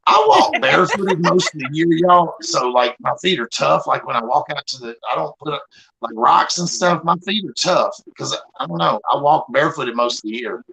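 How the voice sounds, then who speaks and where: A Southern man with a gravelly, bright voice, joking and drawling as he chats with friends on a live stream. His voice sits a little high for a man. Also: very animated, normal speed, low-quality recording. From Tennessee. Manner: joking, drawling, does a mock Boston accent. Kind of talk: casual group chat.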